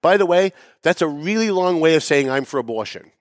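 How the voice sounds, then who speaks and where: A man hosting a political commentary show, talking sarcastically and emphatically. He swings between raised, pointed emphasis and low asides. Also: lively intonation, a little fast, dry recording, clean studio sound. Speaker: show host. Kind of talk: opinionated political commentary monologue.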